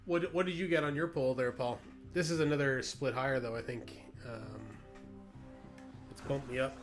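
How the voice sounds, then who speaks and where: A man's voice: mid-range voice, moderate pace, soft background music. A man streaming a sim race, chatting and joking with viewers while he drives. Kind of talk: casual live-stream chat while racing.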